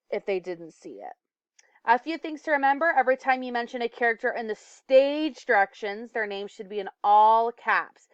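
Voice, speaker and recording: A woman's voice: fairly high pitch, smooth, no room sound, muffled recording. A woman teacher giving a recorded lesson. She explains step by step and sometimes stumbles or corrects herself. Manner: self-correcting, occasional stumbles and fillers.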